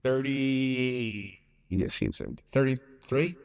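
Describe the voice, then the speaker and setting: A man's voice: medium pitch, slow, gravelly, smooth, in a large hall. A man being interviewed as a pizza maker, telling his life story in a blunt, candid way with frequent restarts.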